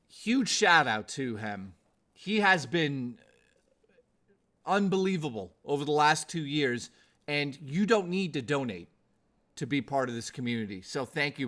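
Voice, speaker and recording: A man's voice: mid-range voice, big pitch swings, a little slow, pushed and bright. Male streamer host, strained voice, earnest pep talk with swearing, close desk mic. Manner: earnest, motivational, swearing freely. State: losing his voice. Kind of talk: live stream chat with viewers.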